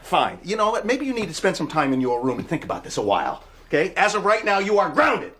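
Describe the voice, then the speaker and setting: Excitable, stammering sitcom dad. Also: male voice, sits high, fast, a little hiss or hum. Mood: exasperated. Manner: stammering, emotional, swings into loud outbursts. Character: excitable, insecure middle-aged dad. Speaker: father. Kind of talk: sitcom acting.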